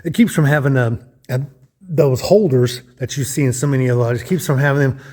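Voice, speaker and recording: A man's voice: mid-range voice, brisk, darkish tone. A man casually narrating a walking tour of a lodge room, thinking aloud with frequent restarts and guesses. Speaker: vlogger touring a lodge.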